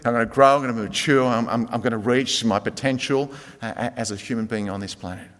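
A man preaching a sermon as a pastor, earnest, swinging from emphatic to very soft. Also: mid-range voice, steady tone, fast talker. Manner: earnest, rising to emphatic then dropping very soft. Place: church. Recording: reverberant church hall.

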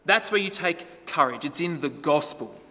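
A man's voice: on the high side, expressive, moderate pace, pushed and bright. A man preaching a sermon in a conversational way, asking the listeners rhetorical questions. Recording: long hall reverb.

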